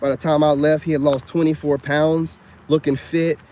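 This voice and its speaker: A man rambles through a long personal story, his voice sitting a little high for a man. He talks casually and animatedly to the camera, out of doors, with crickets chirping behind him. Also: moderate pace. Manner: rambling, animated storytelling with frequent "you know what I'm saying". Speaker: self-styled spiritual vlogger.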